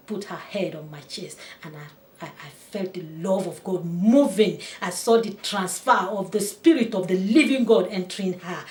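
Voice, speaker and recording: Woman, pastor, sermon, earnest and emphatic, echoey room. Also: lowish voice. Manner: earnest preaching, rising to loud emphatic peaks.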